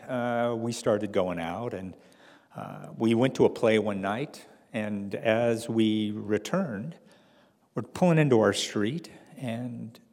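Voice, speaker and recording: A man's voice: mid-range voice, in a large hall. A man telling a personal story to an audience with wry, dry humor.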